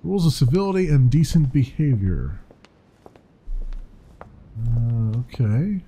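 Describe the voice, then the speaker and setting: A man's voice: mid-range voice, very animated, takes it slowly, dark tone, breathy edge. A man casually commenting while playing a video game, chatty and wondering aloud. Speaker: let's play commentator.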